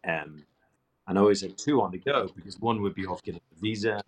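A man's voice: low voice, quick pace, breathy edge. A male TV presenter, a guest on a show, telling a casual story that rambles and often restarts mid-sentence.

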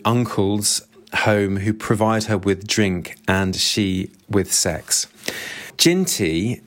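A man reviewing a book, retelling the plot in a steady, plain way and reading quoted passages. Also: on the low side. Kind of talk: book summary with read-out quotes.

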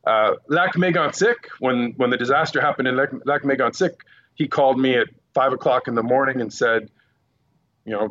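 A man who works as a news correspondent, telling animated stories from the field in a casual podcast interview. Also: medium pitch, lo-fi sound. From Quebec Eastern Townships, Canada. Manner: animated anecdotes, quick asides.

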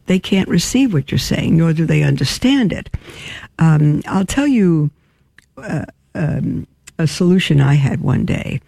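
A religious sister hosting a talk show reads listener emails aloud and answers them frankly and earnestly, often pausing to think. Her gravelly, mellow voice sits low with big pitch swings, and it sounds dry and close, without room echo.

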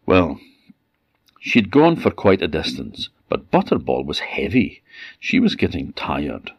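A man from Orkney with an Orcadian Scottish accent, telling a folktale in a lively, animated way. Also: extremely low pitch, a little slow, breathy edge, no echo. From Orkney, Scotland. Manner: lively, animated, voices every character. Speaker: storyteller. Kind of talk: folktale storytelling. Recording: dull lo-fi dry recording.

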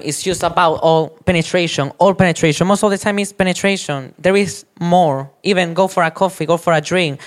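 A young man speaking as a panel guest, outspoken and animated, laughing as he mimics other people. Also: a little high, normal speed. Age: young adult. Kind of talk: frank live panel chat.

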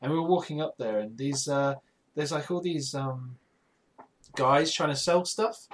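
A man's voice: on the high side, measured pace, slight background noise. A man from the UK, a podcast co-host, chatting casually and telling stories with lots of restarts and laughter. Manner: animated storyteller, stumbling restarts, frequent laughter. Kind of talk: casual chat.

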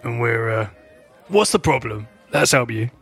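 A man's voice: medium pitch, lively intonation, unhurried, vocal fry, fairly bright tone, husky, soft background music. A man playing a tabletop game in character, laid-back and cheeky. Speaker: player.

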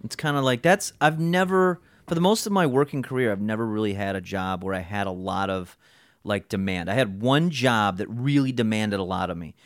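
A man's voice: fairly low pitch, fairly quick, no echo. A man chatting casually as a podcast co-host, telling stories with lots of swearing and acting out other people's voices. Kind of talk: casual storytelling chat.

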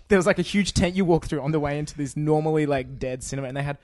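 A man's voice: on the high side, fast, a little mellow, no echo, clean studio sound. A young man co-hosting a casual late-night podcast chat, rambling and stuttering with frequent laughs. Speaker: podcast co-host.

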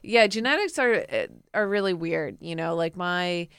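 A woman's voice: lowish voice, lively intonation, moderate pace, fairly bright tone, smooth, no echo, clean studio sound. An American woman, a guest on a podcast, chatting casually with laid-back, dismissive asides. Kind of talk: casual chat.

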